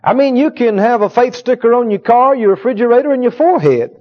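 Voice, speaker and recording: A preacher with a high, ringing voice and lively intonation gives a sermon, repeating key phrases over and over and leaving pauses for his congregation to call back agreement. He teaches at a healing school, and the recording is lo-fi and dull.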